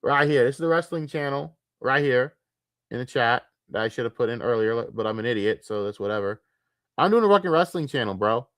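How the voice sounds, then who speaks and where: A young man rants on a livestream, fed up, cursing freely and tripping over his own restarts. His voice sits at an ordinary middle pitch. It is recorded dry and close, with no room sound around it. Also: expressive, a little fast, a bit bright, no echo. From United States. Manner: frustrated, profane, repetitive stammering restarts. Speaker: streamer. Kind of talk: casual ranting livestream.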